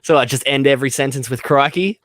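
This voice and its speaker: Aussie guy co-hosting a chat stream, laughs a lot, lively up and down voice. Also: medium pitch, fairly quick. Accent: Australian. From Australia. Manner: laughs often, playful. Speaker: podcast co-host. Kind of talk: casual chat.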